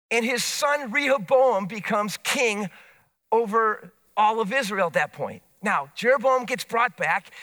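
A man preaching a sermon, retelling scripture in animated storytelling with casual asides. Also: high-pitched.

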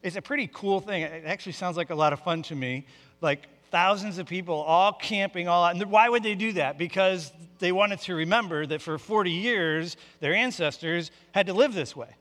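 Male pastor, conversational sermon, bright tone, long hall reverb. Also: high-pitched, normal speed. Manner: conversational teaching with restarts.

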